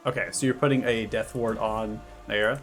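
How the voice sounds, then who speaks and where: A man running a tabletop game as game master, briskly organizing the turn order. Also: lowish voice, steady tone, faint music behind. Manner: organized, briskly calls turns.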